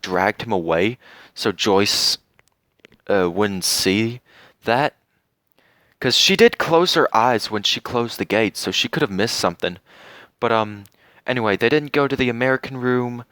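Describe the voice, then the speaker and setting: Slow, earnest young man reviewing a show. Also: fairly low pitch, a bit bright, clear, resonant tone, no echo, studio quality. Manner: earnest, heartfelt, with many fillers and pauses. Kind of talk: casual spoken review.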